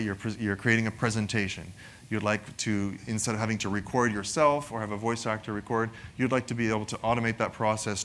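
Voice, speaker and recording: This man's pitch is fairly low and a touch bright as he walks through a technical product demo. He keeps things chatty, often ending statements with a questioning "right?"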